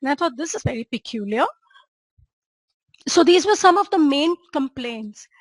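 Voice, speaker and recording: A woman's voice: high voice, animated, normal speed, no room sound. A woman doctor, lecturing on a clinical case and drawing listeners in with questions. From India. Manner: engaging, checks in with listeners and asks rhetorical questions. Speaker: homeopathy doctor and teacher.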